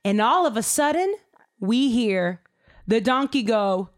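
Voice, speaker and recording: Animated, slangy woman storyteller. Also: a little high, unhurried. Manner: animated, slangy, lots of fillers. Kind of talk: casual storytelling.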